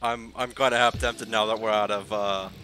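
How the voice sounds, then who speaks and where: A man playing a co-op heist game with a friend, laid-back and quick to laugh. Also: lowish voice, steady tone, background noise. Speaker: co-op player. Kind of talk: casual gaming chat.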